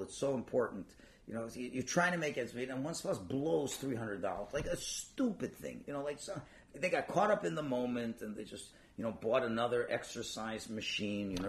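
A man's voice: medium pitch, slight background noise. A man teaching a Torah class as a rabbi, casual and joking, acting out everyday arguments and mixing in Hebrew and Yiddish terms. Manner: animated, joking, acts out everyday dialogue. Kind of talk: informal religious lecture.

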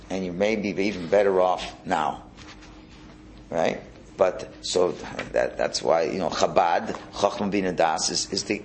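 A man teaching a Hasidic Torah class, animated and prone to repeating words and restarting his phrases. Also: lowish voice, a little hiss or hum. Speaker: religious teacher.

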